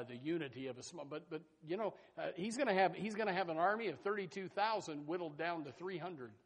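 A man preaching a sermon as pastor, emphatic and folksy, swinging between loud bursts and soft asides and repeating his phrases. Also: fairly high pitch. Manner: folksy, addresses listeners as folks and says amen.

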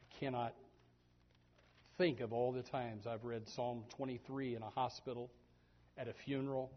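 A man preaching a sermon in a lively, animated manner, often stumbling over repeated words. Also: mid-range voice, normal speed. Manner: animated, repetitive restarts, voices sheep and God aloud. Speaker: pastor. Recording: dull lo-fi recording.

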